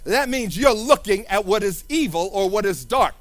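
Fervent high-voiced male preacher. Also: expressive, moderate pace, fairly bright tone, no echo, soft background music. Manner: fervent, sing-song preaching with repeated hallelujahs. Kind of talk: sermon.

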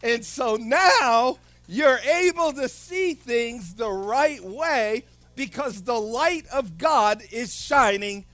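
A man preaching a sermon in an impassioned, dramatic way, often building up to shouts. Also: very high voice, no room sound.

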